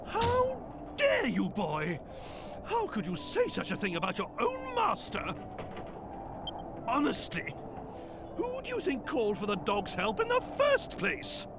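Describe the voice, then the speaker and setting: A haughty monster king, squeaky and swooping. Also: wildly swooping pitch, a little slow, long pauses, noisy background, full character voice. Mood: indignant. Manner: indignant, haughty. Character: pompous cranky old monster king, small. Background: game music.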